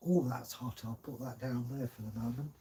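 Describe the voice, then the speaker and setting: A man's voice: medium pitch, steady tone, moderate pace, dark tone, husky. An older man from Kent with a southern English accent, chatting casually on a livestream as channel host, rambling with many hesitations. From Kent, England.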